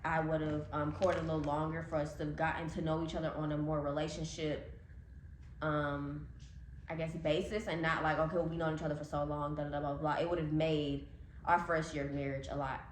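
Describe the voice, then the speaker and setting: A woman co-hosting a casual faith podcast, talking candidly and reflectively with many pauses and fillers. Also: low-pitched, level tone. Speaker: podcast co-host. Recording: echoey room, faint noise.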